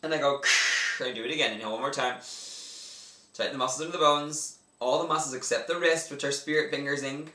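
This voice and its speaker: This Canadian man teaches yoga breathing exercises, casually and enthusiastically narrating each movement as he performs it. His medium-pitched voice is fast, bright and forceful, picked up by a distant mic in an echoey room.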